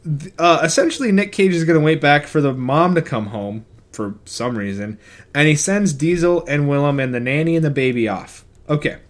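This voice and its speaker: A young man talks in loose, rambling podcast chat, joking his way through a movie recap. His voice sits a bit higher than most men's, and he drops into quick impressions now and then. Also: lively intonation. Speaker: podcast co-host. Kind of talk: casual chat.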